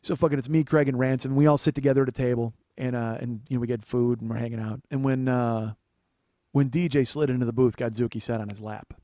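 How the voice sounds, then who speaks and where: A man's voice: mid-range voice, fairly even intonation, quick pace, dark tone, no room sound. A man in his forties hosting a comedy podcast, telling a rambling, profane story that bursts into rants. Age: 40s. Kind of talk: storytelling monologue.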